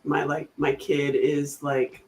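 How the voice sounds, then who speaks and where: A middle-aged woman chatting casually, telling animated stories and laughing often. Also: deep voice, takes it slowly, a little hiss or hum. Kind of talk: casual chat.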